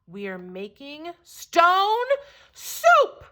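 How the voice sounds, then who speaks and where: A woman's voice: high-pitched, sing-song, a little slow, pushed and bright, heavily acted. A woman voicing two cheerful traveling cooks who chant in a sing-song way in a storybook read-aloud. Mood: eager.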